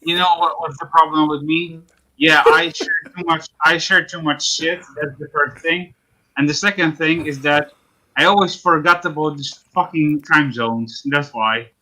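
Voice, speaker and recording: A man on a podcast panel who talks casually and haltingly, restarting his sentences and swearing. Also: a little high, steady tone, pushed and bright, rough recording. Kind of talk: casual chat.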